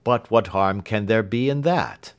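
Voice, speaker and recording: A man's voice: lowish voice, unhurried, smooth, natural voice. A man reading an audiobook who voices an earnest, loyal Victorian male doctor asking plain questions. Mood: questioning.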